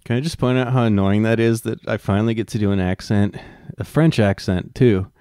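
A man's voice: on the low side, a little fast, mellow, clear, resonant tone, dry recording, clean studio sound. A man reading a book aloud and breaking off into wry, profane asides. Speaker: reader and commentator.

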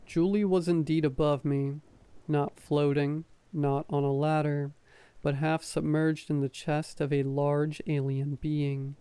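Soft, mellow ASMR storyteller man. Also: on the high side, smooth, no room sound. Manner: soft, slow, even storytelling delivery. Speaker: story narrator.

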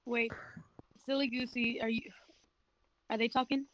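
A woman with a fairly high voice talks sassily in a game voice chat and laughs easily. A clear hiss sits under her voice chat audio. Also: little pitch movement, a little slow. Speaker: gamer in voice chat.

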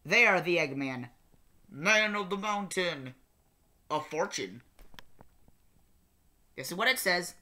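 A sardonic, grumpy old alien time traveller, as a man puts him on, grumbling his way through lines in a slow, unhurried delivery. His voice is bright and edgy, and his pitch swings widely between exasperated asides and mock singing. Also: lively intonation, exaggerated voice. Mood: sardonic reading. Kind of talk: comic lyric reading and singing in character.

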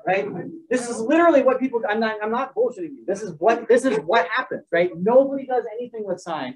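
A very high-pitched, animated male voice moves at a quick pace through a casual math lecture. He rambles, tosses in joking asides, and restarts himself while working through sums, all captured in a dull, distant classroom recording.

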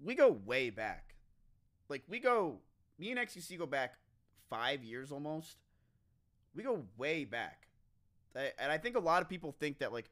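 A man's voice: a little high, very animated, normal speed, long pauses, a bit bright. A man talking casually on a stream, rambling and emphatic, often repeating himself. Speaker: streamer in a clip.

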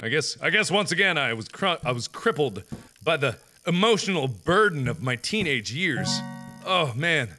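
A young man giving loud, jokey let's-play commentary, swinging between deep mutters and high yelps. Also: very animated, normal speed, faint music behind. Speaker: gaming video host.

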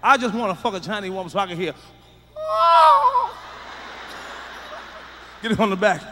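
A man doing a stand-up comedy routine, loud and profane, swinging between shouted punchlines and muttered asides. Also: high-pitched, rapid-fire, noisy background. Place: large theater stage with live audience. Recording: live concert hall reverb.

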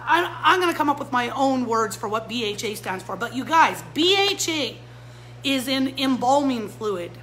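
A woman's voice: on the high side, lively intonation, normal speed, fairly bright tone, a little hiss or hum, rough recording. A woman who runs a pet store, giving a fired-up live-stream talk straight to her viewers. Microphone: phone or camera mic.

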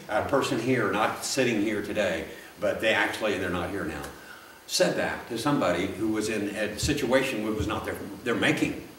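A man's voice: medium pitch, animated, moderate pace, a bit bright, a little hiss or hum. A man preaching a sermon in a church, folksy and rambling, with frequent restarts and asides. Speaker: pastor. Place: church sanctuary. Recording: roomy, from a distance.

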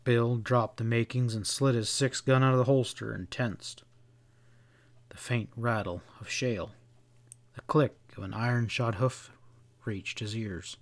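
A man reading a western novel aloud as an audiobook narrator, in a steady, measured storytelling voice. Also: mid-range voice.

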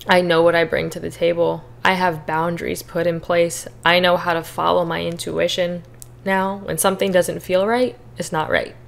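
Young female podcaster, slightly low voice, earnest and teary while recounting her story. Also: little pitch movement, normal speed, vocal fry. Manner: candid, earnest, emotional at times. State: tearful. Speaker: podcast host. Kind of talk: personal testimony, casual.

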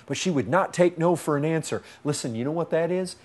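A man preaching a sermon with impassioned urgency, swinging from loud pleas to hushed intensity, in a repetitive, pleading cadence. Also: on the high side, a little fast, hardly any pauses.

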